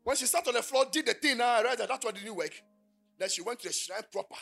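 A Ghanaian man preaching a fiery sermon, his gravelly voice turning bright and cutting as he shouts, then falling low as he tells a story. The tone has a husky edge, and faint music sits underneath. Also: expressive, fast. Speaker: pastor.

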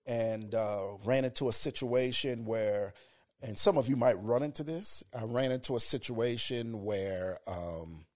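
A man in his fifties with a deep radio voice, speaking reflectively as a college educator in a relaxed interview. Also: measured pace.

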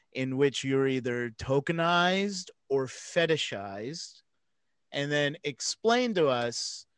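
A man's voice: medium pitch, fairly bright tone, clear, resonant tone, no echo. A man hosting a podcast segment, chatting casually and cutting in with playful jokes. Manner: playful, jokey interjections. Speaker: podcast host. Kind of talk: casual chat.

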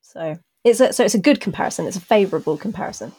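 A woman co-hosting a casual podcast, at an ordinary middle pitch. She talks through her opinions at length and carefully, with a dry, self-deprecating wit running through it. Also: expressive, rapid-fire, darkish tone, slight background noise. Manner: thoughtful, explains her views at length. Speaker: podcast co-host. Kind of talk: casual chat reviewing a TV episode.

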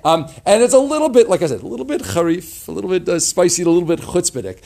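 A man teaching an informal class on a religious text, talking in a halting, chatty way with many restarts. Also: sits high, animated, gravelly, mellow. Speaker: teacher leading a Mishnah class.

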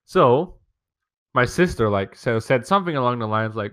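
A man's voice: medium pitch, expressive, normal speed, a bit bright. A young man hosting a casual podcast from home, rambling through a profane, complaining story about his family. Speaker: podcast host. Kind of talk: casual rant.

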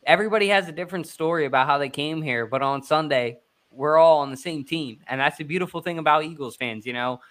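Energetic live stream host, man, bright forceful voice, hyped delivery. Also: on the high side, fast talker. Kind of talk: live fan show hosting.

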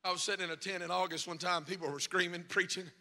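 A man preaching a revival sermon as pastor, shouting in a sung cadence at the peaks and dropping low and quiet in between. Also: fairly even intonation, quick pace. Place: church sanctuary. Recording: long reverb of a large hall.

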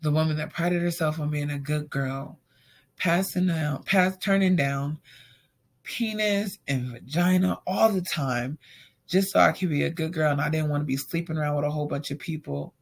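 Young woman, raspy and breathy voice, vocal fry, casual storytime, acts out the dialogue. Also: low voice, moderate pace. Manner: animated retelling, acts out quoted dialogue, frequent "like".

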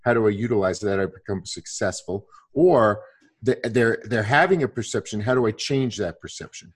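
A man's voice: fairly low pitch, normal speed, slightly rough. A man in his sixties in casual conversation, rambling with many restarts and fillers.

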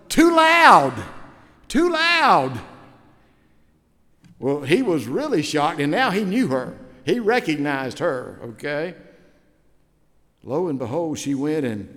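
A middle-aged man preaching a sermon as pastor, telling stories and swinging from hushed prayer to loud exclamations. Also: fairly high pitch. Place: church sanctuary. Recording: long hall reverb in a church.

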